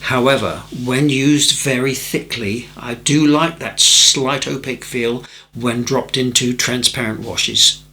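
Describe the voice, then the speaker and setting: A bright, clear-toned man, middle-aged, talks through watercolour questions in an easygoing teaching manner. He pitches at an ordinary level and keeps it chatty, making light fun of himself as he goes. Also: steady tone, takes it slowly. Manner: chatty and self-deprecating, with gentle jokes. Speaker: watercolour tutor. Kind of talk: relaxed tutorial talk answering viewer questions.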